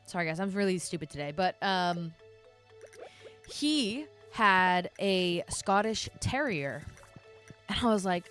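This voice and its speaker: A woman's voice: mid-range voice, normal speed, faint music behind. A young adult woman streamer chatting casually to her viewers, telling a rambling, self-deprecating story with frequent laughs. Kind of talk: casual live-stream chat.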